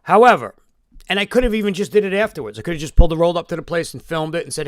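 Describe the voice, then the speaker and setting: A man's voice: a little high, animated, very fast, dry recording, studio quality. A man telling a long emotional story in a rambling live-stream monologue, swearing often.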